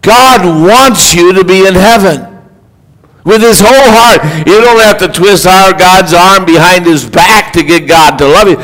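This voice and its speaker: A man's voice: high-pitched, unhurried, a bit bright, poor audio. A man preaching a sermon as a pastor, in an earnest, exhorting delivery.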